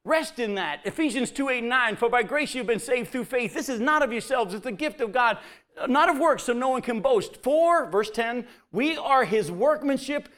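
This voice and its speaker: Man preaching with a lively pitch. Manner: conversational preaching, acts out quotes, drops soft near the end. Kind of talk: sermon.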